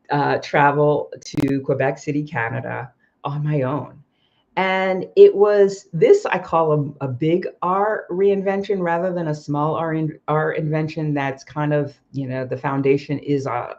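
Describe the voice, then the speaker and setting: A woman who hosts livestreams and works as an expat coach shares personal stories in a chatty, casual way, full of ums and self-corrections. Her voice is low and a little mellow, and the livestream audio sounds slightly muffled.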